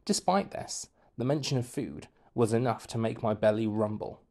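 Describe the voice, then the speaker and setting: A man, a teacher, reading a children's novel aloud in an expressive, playful storytelling manner. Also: mid-range voice, moderate pace. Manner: expressive, playful, shifts voice for quotes. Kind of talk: storybook narration.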